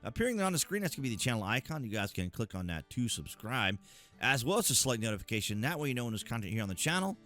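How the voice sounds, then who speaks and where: A man talks through the news as a commentary host, his pitch rising and falling with animated emphasis. His tone is bright and forward, and he keeps stopping for filler sounds. Soft music plays faintly behind him. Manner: emphatic, many filler pauses. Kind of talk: casual political commentary.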